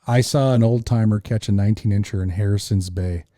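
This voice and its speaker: A man, a fishing guide telling a lively story on a podcast, acting out the voices of the people in it. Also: fairly low pitch, a little fast, dry recording, clean studio sound.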